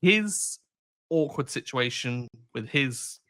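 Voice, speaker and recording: A man's voice: mid-range voice, animated, slow, a bit bright, a little hiss or hum. A man co-hosting a podcast, chatting casually and giving teasing, opinionated takes on a film. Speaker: podcast co-host. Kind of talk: casual chat.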